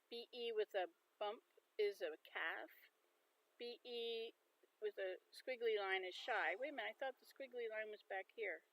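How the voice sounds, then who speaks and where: A woman's voice: mid-range voice, moderate pace, a bit bright, no room sound, low-quality recording. A woman hosting a casual livestream, chatting and musing aloud as she sounds out words. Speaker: livestream host.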